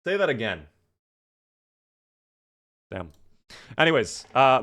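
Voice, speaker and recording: Chatty man, mid pitch, easygoing game streamer talking to chat. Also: moderate pace, a bit bright. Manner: upbeat, chatty, talks to himself and chat. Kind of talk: live gameplay commentary, chatting with viewers.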